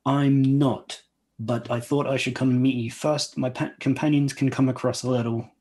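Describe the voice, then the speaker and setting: A man's voice: medium pitch, steady tone, moderate pace, warm tone. Guy playing a tabletop game, mid voice, bit hesitant, rambles. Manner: hesitant, chatty, in character. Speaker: player. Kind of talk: casual tabletop play.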